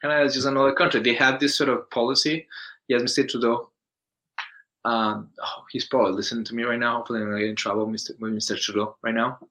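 Animated Colombian-accented man, bright voice. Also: mid-range voice, fast talker, low-quality recording. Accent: Colombian Spanish. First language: Spanish. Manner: animated storyteller, acts out quoted voices, restarts often. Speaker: interview guest. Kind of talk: casual conversational interview.

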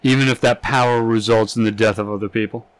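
A man's voice: fairly low pitch, fairly even intonation, fast, dry recording, rough recording. A young man co-hosting a comedy podcast, ranting and swearing freely. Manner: ranting, profane, riffing. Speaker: podcast co-host. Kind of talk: crude comedic chat.

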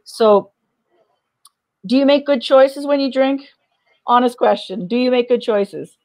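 A woman's voice: fairly high pitch, measured pace, a little mellow, no room sound, low-quality recording. A middle-aged woman, an interview guest, frankly telling her personal story, often restarting and repeating words. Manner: frank, restarts and repeats words, laughs between heavy memories. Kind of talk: personal story told in conversation.

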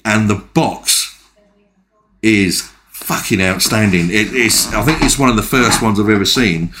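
A man's voice: lowish voice, unhurried, noisy background. A man co-hosting a wrestling podcast in casual, sweary chat, laughing often. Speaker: podcast co-host.

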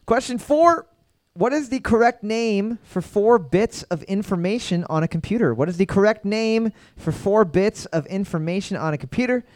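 A man's voice: sits high, lively intonation, moderate pace, a little mellow, dry recording, clean studio sound. A man hosting a comedic trivia night, reading each question twice and then riffing with crude jokes. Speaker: trivia host. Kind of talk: comedic trivia quizmaster banter.

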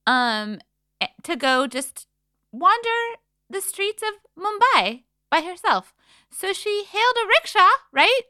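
A young woman co-hosting a casual chat podcast, chatty and expressive as she teases her co-host. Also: very high voice, takes it slowly, no room sound, clean studio sound.

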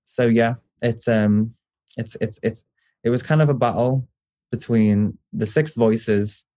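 A man's voice: mid-range voice, fairly even intonation, slow, dark tone, dry recording, clean studio sound. A young man with a Scouse accent, a poet chatting in a casual interview, rambling and restarting, swearing now and then. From Liverpool, England. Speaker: poet, guest.

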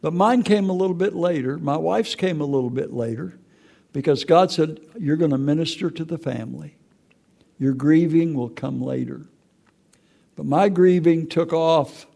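An older man speaks in a gravelly, rough-edged voice, pitched a little high for a man. He tells his testimony with raw emotion and often stumbles over repeated words as he goes. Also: moderate pace, warm tone. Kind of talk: personal testimony.

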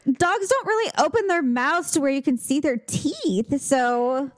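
A woman's voice: sits high, animated, unhurried, slight background noise. A woman co-hosting a casual chat, reacting chattily and laughing readily. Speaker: podcast co-host.

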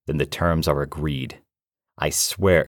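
A man voicing an inhuman spirit bound to a tape player, speaking slowly, coldly and commandingly. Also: rumbling low, fairly even intonation, no room sound, clean studio sound.

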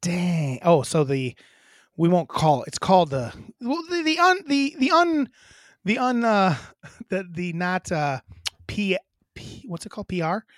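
A man's voice: sits high, very animated, measured pace, dry recording, clean studio sound. A man co-hosting a podcast in a casual, rambling chat, joking and swearing. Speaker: podcast co-host.

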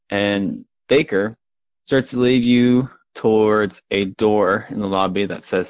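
Low voiced guy running a tabletop game, lots of ums, dry close sound. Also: takes it slowly, clear, resonant tone, no room sound, low-quality recording. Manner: relaxed, filler-heavy narration. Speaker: game master.

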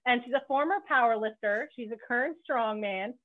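A woman's voice: fairly high pitch, fairly quick. Bubbly woman podcast host on a phone-like line. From Canada. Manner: bubbly, joking, swears freely. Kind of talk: casual podcast chat. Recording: phone-like narrow band.

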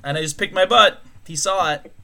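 A man's voice: sits high, brisk, vocal fry, sharp tone. A man co-hosting a podcast in crude, joking casual chat, often breaking into laughter. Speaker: podcast co-host.

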